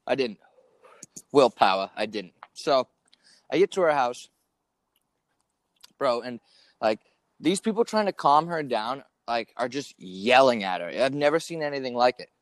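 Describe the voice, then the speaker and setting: A man's voice: medium pitch, lively intonation, measured pace, long pauses, dry recording. Rambling, profane man telling a story. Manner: rambling, profane, lots of fillers. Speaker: podcast co-host. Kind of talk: casual chat, storytelling.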